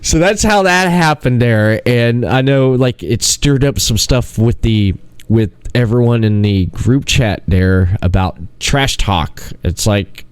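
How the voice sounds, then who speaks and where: A man's voice: medium pitch, slow pace, few pauses, smooth, no room sound. A man hosting a podcast in casual chat, rambling through stories and acting out the quotes, laughing often. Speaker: podcast host.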